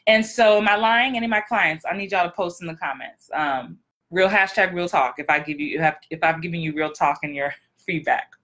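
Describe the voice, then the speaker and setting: Woman, acting coach, blunt and direct, emphatic repetition, bright tone. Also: on the low side, fairly quick. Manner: frank, emphatic, repeats for effect. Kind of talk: motivational vlog talk.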